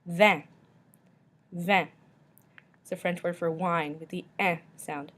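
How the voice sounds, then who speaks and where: A woman teacher slowly walking through a pronunciation lesson, repeating each word carefully. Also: on the low side, level tone, fairly bright tone.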